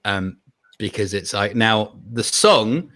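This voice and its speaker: Bright-voiced man hosting a quiz chat. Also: fairly low pitch, lively intonation, slow pace, dry recording. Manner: jokey, laughing, trailing off into quiet asides. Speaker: quiz host. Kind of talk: casual group video call chat.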